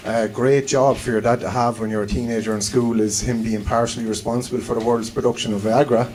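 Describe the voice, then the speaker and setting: Chatty Irish comedian with a Cork accent. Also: male voice, mid-range voice, flat delivery, quick pace, a loud crowd, rough recording. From Ireland (Cork). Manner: chatty, self-deprecating, swears freely. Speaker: stand-up comedian. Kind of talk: live stand-up comedy set.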